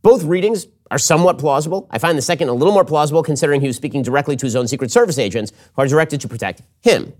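A man hosting a political commentary show, talking fast and emphatically in an opinion monologue. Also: fairly high pitch. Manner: animated, quick, emphatic.

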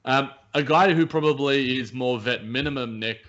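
Male podcast co-host, halting casual sports talk, muffled lo-fi audio. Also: mid-range voice, a bit bright. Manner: hesitant, many restarts and fillers. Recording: dull lo-fi sound.

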